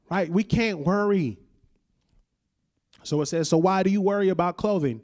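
A man preaching a sermon in a casual, conversational way, slowing down and dropping his voice on key lines and calling on listeners to repeat after him. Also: high voice, expressive. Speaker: pastor.

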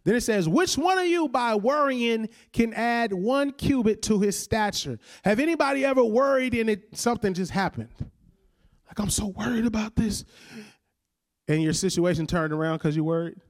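High-voiced preaching man. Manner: conversational preaching, calls the congregation to repeat after him; slows down and drops his voice on key lines. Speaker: pastor. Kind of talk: sermon.

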